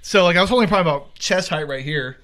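A man's voice: a little high, very fast. A man in his thirties, a podcast co-host, telling a story animatedly, swearing and laughing as he goes. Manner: animated storytelling, acts out his own shouts; swears freely, laughs through his stories. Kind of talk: casual chat.

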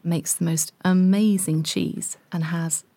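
A woman reporter chats on a podcast, eager and careful as she explains things. Her voice is fairly low for a woman. The studio sound is close and dry. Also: fairly even intonation, takes it slowly, warm tone, dry recording. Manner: enthusiastic, describing with care. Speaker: podcast team member, reporter. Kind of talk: casual chat.

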